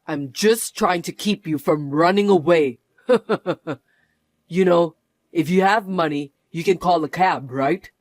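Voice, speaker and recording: A man's voice: a little high, measured pace, dry recording, lightly acted. An actor playing a mocking, controlling young husband who laughs often as he sneers. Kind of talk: narrated drama acting.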